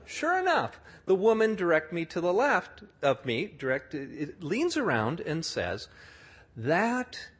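A man's voice: on the high side, very animated, measured pace, few pauses, a bit bright, slightly rough. A middle-aged man telling a story in a sermon, acting out the people he describes. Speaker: speaker telling a story to an audience.

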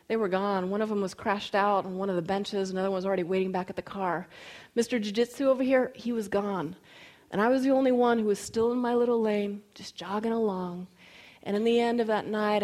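A woman preaching a sermon, telling personal stories in an animated way and going soft and slow on key lines. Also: mid-range voice. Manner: animated storytelling with quoted voices. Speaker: speaker.

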